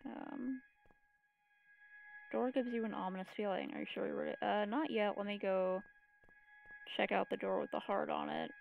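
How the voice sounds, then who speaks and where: A woman's voice: medium pitch, steady tone, moderate pace, vocal fry, pauses often, narrow, tinny audio, a little hiss or hum. A woman streamer casually thinking aloud while playing a puzzle game. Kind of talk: casual game let's-play commentary.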